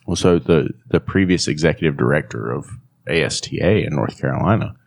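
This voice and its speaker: A man's voice: rumbling low, brisk, creaky. A man co-hosting a casual podcast chat, teasing his friend and laughing while telling stories. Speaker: podcast co-host.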